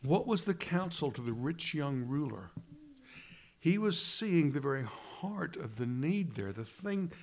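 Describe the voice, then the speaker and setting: A man preaching a sermon, earnest and emphatic, with dramatic pauses and quoted lines dropped low and hushed. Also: big pitch swings.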